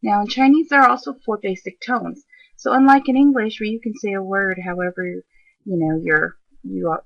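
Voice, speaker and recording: A woman teaching a recorded lesson in a gravelly, husky voice. She explains step by step and talks straight to her learners, with fillers along the way. The recording is dry and dull, like a cheap lo-fi mic. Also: mid-range voice, fairly bright tone, no echo. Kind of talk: narrated slideshow lesson.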